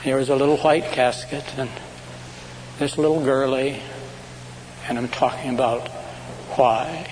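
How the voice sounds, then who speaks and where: A man preaching a sermon as a pastor, telling stories dramatically and swinging between loud, slow proclamations and hushed asides. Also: medium pitch, steady tone. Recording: hall reverb with faint background noise.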